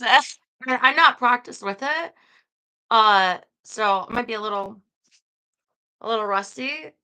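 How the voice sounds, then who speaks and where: A woman hosts a casual livestream and chats to her viewers without a script, wandering from thought to thought with frequent fillers. Her voice has a bright, forward edge. Gravelly fry creeps into many of her phrases. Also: medium pitch, poor audio. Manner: rambling, hesitant, many fillers. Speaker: book-reading livestream host.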